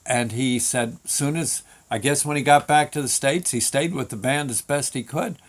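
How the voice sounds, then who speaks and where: A man's voice: mid-range voice, moderate pace. Rambling male storyteller. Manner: rambling, many restarts and fillers. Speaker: show host. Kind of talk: casual storytelling.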